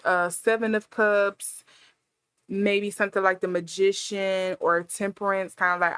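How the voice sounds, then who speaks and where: A woman's voice: medium pitch, little pitch movement, measured pace, fairly bright tone, clear, resonant tone, dry recording. A woman giving a casual intuitive tarot reading, musing aloud with many fillers as she thinks. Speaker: tarot reader.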